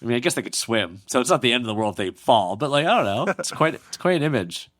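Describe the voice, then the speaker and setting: A man hosts a podcast and tells a history story in easy, conversational tones. He reads quotes aloud and drops playful jokes along the way. His voice sits at an ordinary middle pitch. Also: expressive, fast talker, fairly bright tone, no echo, studio quality. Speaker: podcast host. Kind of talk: casual storytelling chat.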